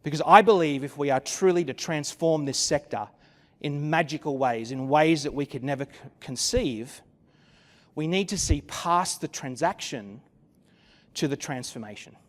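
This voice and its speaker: At normal speed and with a slightly high voice, a man addresses a large hall. He is the keynote speaker at a conference, telling a story with flair and wry asides through a stage microphone.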